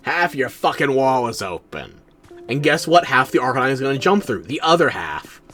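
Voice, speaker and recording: A man's voice: medium pitch, sing-song, moderate pace, a bit bright, faint music behind. A man streaming a video game, making jokes, mocking himself and rambling as he plays. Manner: joking, self-mocking, rambling. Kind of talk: casual let's-play commentary.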